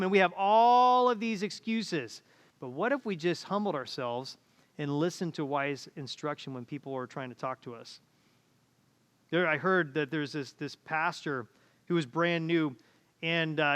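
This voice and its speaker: A man's voice: a little high, brisk, fairly bright tone, clear, resonant tone, big-room sound. A man preaching a sermon as pastor, telling stories and acting out the people in them. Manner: storytelling, acts out quoted voices. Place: church auditorium.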